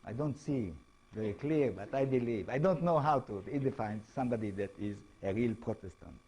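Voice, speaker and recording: A man with an Israeli accent lecturing as an author, speaking halting English and often checking in with tag questions. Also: medium pitch, expressive, warm tone, a little hiss or hum, rough recording. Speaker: author giving a talk. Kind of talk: lecture to an audience.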